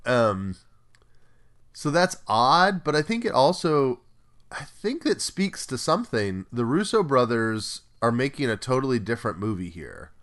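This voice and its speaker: An upbeat man hosting a casual podcast, talking in a medium-pitched voice. He chats loosely with plenty of fillers and keeps moving the talk to the next question. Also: a bit bright. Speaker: podcast host. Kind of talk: casual chat.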